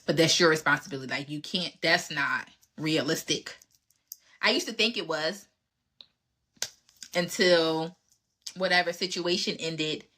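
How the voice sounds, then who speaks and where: This emphatic host has a bright, low voice, speaks unhurriedly and pauses often. Answering relationship questions on her podcast, she gives candid, casual advice and acts out conversations with past dates.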